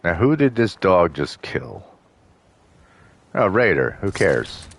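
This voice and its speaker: A man's voice: low-pitched, big pitch swings, slow pace, vocal fry. A man casually commenting while playing a video game, rambling with lots of fillers and restarts. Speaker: video game let's-play host.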